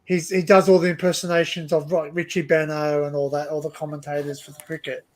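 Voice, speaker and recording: A man hosts a relaxed livestream chat, his voice sitting fairly high. He rambles, trips over repeated words and laughs often. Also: fast talker. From Australia. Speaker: livestream host. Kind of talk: casual chat among friends.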